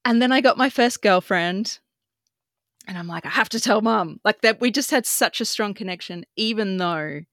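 A woman's voice: medium pitch, normal speed, fairly bright tone, dry recording. Guest: young woman, candid storyteller, mid-range voice, dry close mic. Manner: emotional, frank, swears casually. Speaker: podcast guest.

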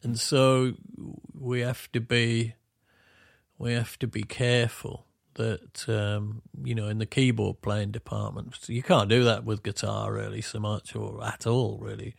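A middle-aged man with a Yorkshire accent, co-hosting a podcast and reminiscing casually, rambling and explaining things gently. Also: fairly low pitch, little pitch movement, measured pace, gravelly, dry recording, clean studio sound. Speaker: podcast co-host, musician.

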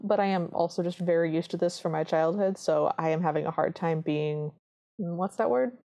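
A woman's voice: fairly low pitch, a little fast, warm tone. A woman co-hosting a podcast, chatting casually as she retells a film scene by scene and acts out the characters' lines. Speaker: podcast co-host.

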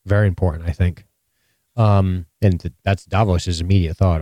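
A man with a very low voice co-hosts a podcast, keeping up crude, joking banter with his partner. His voice is recorded dry and close, with no room sound. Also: fairly even intonation, moderate pace, warm tone, no room sound. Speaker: podcast co-host. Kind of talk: casual chat.

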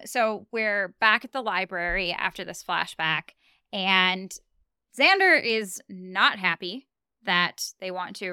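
A young woman co-hosting a casual chat podcast, animated and laughing often as she retells scenes. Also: mid-range voice, clean tone, dry recording, studio quality. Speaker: podcast co-host.

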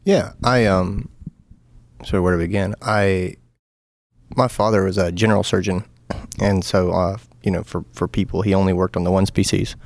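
A laid-back man from North Carolina with a low, gravelly voice, talking as a guest on a podcast. He answers in a teasing, halting way, and his voice sounds close and dry. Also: steady tone, darkish tone, dry recording. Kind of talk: casual interview chat.

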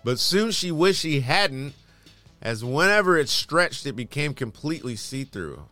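A man's voice: a little high, sing-song, measured pace, pushed and bright, soft background music. A man hosting casual news commentary, reading headlines aloud and adding sarcastic, dismissive asides.

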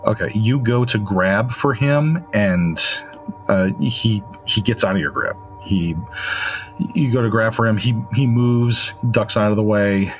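A man narrating as game master, in a relaxed, halting way with many fillers. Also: fairly low pitch, soft background music.

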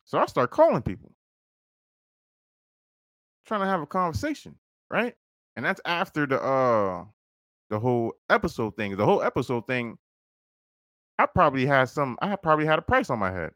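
A man's voice: mid-range voice, huge pitch swings, normal speed, pauses often, fairly bright tone, dry recording, clean studio sound. A man hosting a podcast, telling a story casually and profanely, acting out quoted dialogue. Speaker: podcast host.

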